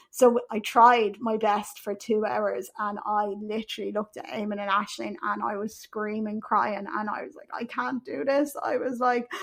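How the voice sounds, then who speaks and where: Candid Irish woman, raised voice. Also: a little high. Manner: blunt, frank, swears freely. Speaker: podcast host. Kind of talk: candid personal storytelling.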